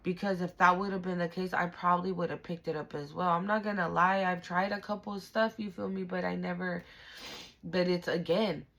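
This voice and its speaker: A woman's voice: fairly low pitch, fairly even intonation, fairly quick, a bit bright. A woman giving a spiritual tarot reading straight to the viewer, emphatic and slangy, with frequent swearing. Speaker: tarot reader.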